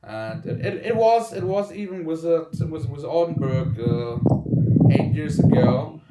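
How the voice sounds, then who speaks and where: A man's voice: a little high, lively intonation, measured pace, very noisy. A man chatting on a video call, often repeating words and restarting sentences. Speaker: call participant. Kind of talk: casual video call chat. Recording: roomy video call audio.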